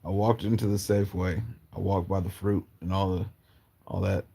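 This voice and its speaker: A man from Portland telling personal stories in a casual, rambling, halting way with slang. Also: low-pitched, level tone, vocal fry, warm tone, husky. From Portland, Oregon, US. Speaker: storyteller. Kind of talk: casual storytelling.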